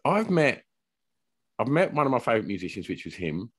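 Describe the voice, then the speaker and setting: A man, hosting a casual podcast interview, chatty and excitable, stumbling and swearing as he talks. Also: medium pitch, fairly quick, a little hiss or hum. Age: 40s. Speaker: podcast host.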